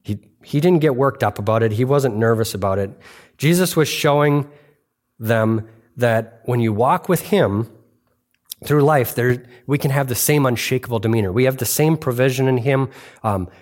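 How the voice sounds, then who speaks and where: A man's voice: mid-range voice, moderate pace, a little mellow. A middle-aged man preaching a sermon as pastor, earnest and conversational, often restarting and repeating phrases for emphasis. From United States.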